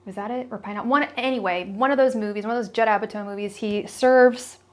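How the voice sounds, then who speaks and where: A woman's voice: mid-range voice, steady tone, quick pace. Young female tarot reader, casual and blunt, chatty live-stream talk with stumbles. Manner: chatty, blunt, many restarts and fillers.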